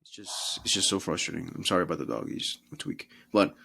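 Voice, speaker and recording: A man's voice: sits low, a little fast, vocal fry, slightly rough. A young man hosting a casual football talk show, swearing freely and mocking players in put-on voices. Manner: profane, animated, mocks players in put-on voices. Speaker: podcast host.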